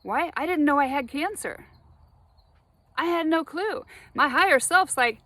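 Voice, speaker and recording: A woman talking straight to her viewers in a rambling spiritual monologue, animated, laughing often and swearing freely. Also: sits high, a little slow, slight background noise. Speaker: spiritual vlogger.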